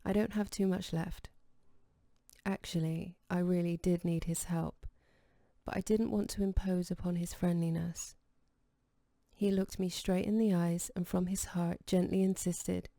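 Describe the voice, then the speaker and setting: Low, gravelly woman narrating an audiobook. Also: little pitch movement, measured pace, warm tone, no echo, studio quality. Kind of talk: scripted narration.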